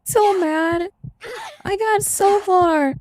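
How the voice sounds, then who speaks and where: A woman streamer reacting to a game as she plays, swearing constantly and yelling at enemies. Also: very high-pitched, drawn-out words, slight background noise. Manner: profane, yelling, reacting loudly. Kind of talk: live gameplay commentary.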